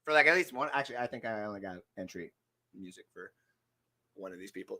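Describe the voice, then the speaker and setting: A man's voice: fairly low pitch, expressive, quick pace, bright, forceful tone, low-quality recording. A man hosting a casual sports podcast, rambling and self-deprecating, laughing often. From Canada. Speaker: host.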